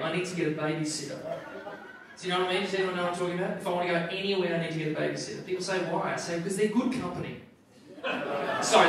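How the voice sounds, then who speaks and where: A man performing a stand-up comedy routine as MC at a corporate gala dinner, telling a story with animated, self-deprecating asides. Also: high-pitched, background noise. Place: large function room at a gala dinner. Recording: echoey hall, distant mic, audience laughter.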